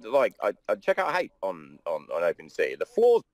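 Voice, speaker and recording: A man's voice: fairly low pitch, wildly swooping pitch, normal speed, a little mellow, no echo. A man in casual podcast chat who speaks bluntly and swears freely.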